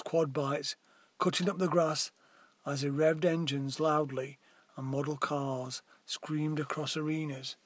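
A man reads a story aloud, slipping into animated voices for the characters. His voice sits a little high and has a husky edge. The sound is dry and close. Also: no echo. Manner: reads dialogue with lively put-on voices. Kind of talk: storybook narration.

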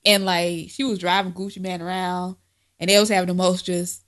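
A woman in her twenties co-hosting a podcast, telling loud, profane stories full of mocking impressions. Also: on the low side, level tone, normal speed. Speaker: podcast co-host. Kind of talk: casual chat.

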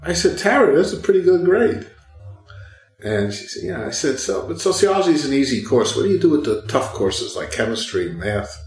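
Older guy telling a teaching story, acts out all the voices, lively swooping pitch, roomy echo, faint music under. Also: brisk. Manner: animated, acts out both sides of dialogue. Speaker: retired professor and guest. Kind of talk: storytelling interview.

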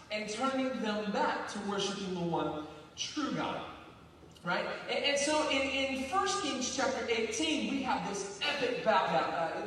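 A man preaching a sermon as pastor, telling the story in a lively, conversational way. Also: high voice, a little hiss or hum. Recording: echoey hall from far off.

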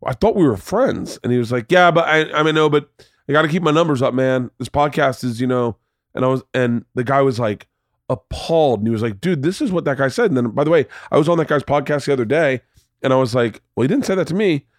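Animated storytelling man, dry close sound. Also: mid-range voice, fast, no room sound. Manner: animated, swears freely, acts out voices in stories. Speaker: podcast host. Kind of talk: casual storytelling chat.

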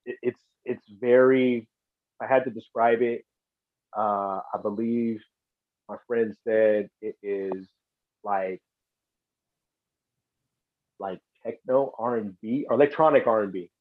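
A man's voice: fairly low pitch, slow, long pauses, no room sound, narrow, tinny audio. A man guest on a podcast, easygoing in casual chat, laughing often and restarting his sentences.

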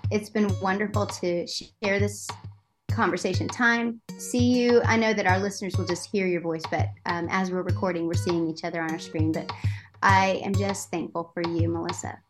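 A woman's voice: fairly low pitch, steady tone, normal speed, music in the background. Earnest Christian woman podcast host. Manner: earnest, prays aloud. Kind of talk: warm Christian podcast hosting. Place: remote video call.

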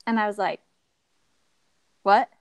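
A woman's voice: medium pitch, a little slow, dry recording. A young adult woman sharing a personal story as a podcast guest, acting out quoted dialogue and laughing often. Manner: expressive, acts out quoted dialogue.

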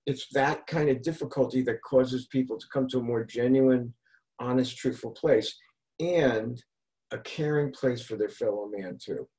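Man, podcast host, casual chat, rambling, restarts, middle pitch. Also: normal speed, mellow, poor audio. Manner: rambling, restarts, retells street encounters.

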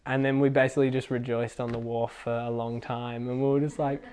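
A young man telling a faith testimony at a casual youth gathering, excitable and full of fillers. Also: mid-range voice, fairly quick. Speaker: youth group speaker.

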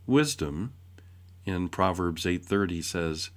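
A man reading a devotional essay aloud in a measured way, posing rhetorical questions. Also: low voice, expressive. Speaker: essay reader.

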